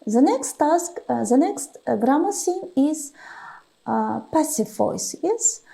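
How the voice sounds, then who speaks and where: Slow, deliberate woman teaching English. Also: high-pitched, sing-song, creaky, mellow. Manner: slow, deliberate, stretches example words, frequent "uh" pauses. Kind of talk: classroom lesson, dictating vocabulary and explaining grammar.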